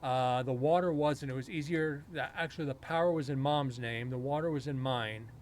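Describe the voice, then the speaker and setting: A man's voice: mid-range voice, moderate pace, a little mellow, slight background noise. A man hosting a live stream, telling a long personal story in casual chat, with rambling and frequent self-corrections. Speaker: paranormal show host.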